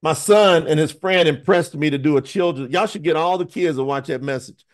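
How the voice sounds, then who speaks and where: A man preaching in an online scripture teaching, emphatic and animated, calling out to viewers by name. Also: on the high side, brisk.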